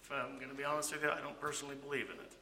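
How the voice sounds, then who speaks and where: A man's voice: medium pitch, level tone, racing, sharp tone. A man teaching a Bible study in a conversational way, often asking "okay?" and posing rhetorical questions to his listeners.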